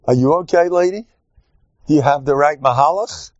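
A man's voice: normal speed, no echo. A man giving a humorous Torah lecture as a rabbi, joking and teasing as he teaches. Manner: animated, joking, acts out quotes in squeaky voices. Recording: dull, dry lo-fi recording.

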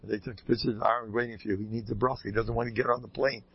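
A man, a rabbi, giving an informal Torah talk to a live audience, animated and folksy, often leaping high in pitch for emphasis. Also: rapid-fire, creaky, slightly rough, no echo. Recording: dull lo-fi recording.

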